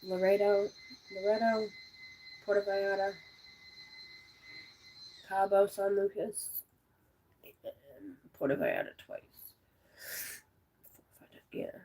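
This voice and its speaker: A woman in her forties talks casually to her live-stream viewers. Her voice is gravelly and a little husky, and her pitch rises and falls a lot as she rambles from one story to the next and answers their comments. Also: very animated, slow, long pauses, warm tone. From United States. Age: 40s. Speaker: vlogger chatting with live viewers.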